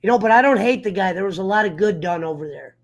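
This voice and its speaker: His voice sits high, expressive and quick-paced, as this sports talk show host launches into a heated, profane story on a casual livestream. Fired up, he imitates others throughout the rant.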